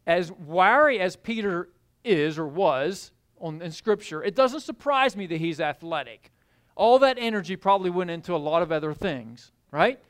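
A man preaching a sermon, telling the story in an animated way and acting out the scenes. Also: high voice, normal speed. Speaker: pastor.

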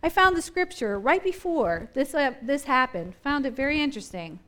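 A woman's voice: high voice, normal speed. A woman teaching a Bible study in a conversational way, wondering aloud and acting out the scenes she describes. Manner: animated, acts out scenes and voices from the story; thinks aloud with restarts and questions.

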